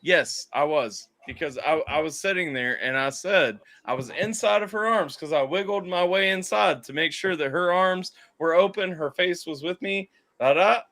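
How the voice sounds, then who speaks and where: A young man hosting a casual livestream, telling a story with excited, loud bursts. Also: fairly high pitch, normal speed, few pauses. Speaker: stream host.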